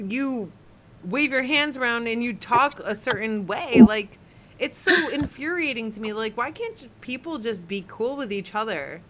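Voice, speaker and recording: A woman's voice: fairly high pitch, animated, measured pace, a little hiss or hum. A woman co-hosting a casual podcast, ranting heatedly and swearing a lot as she reads viewer comments. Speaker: podcast co-host.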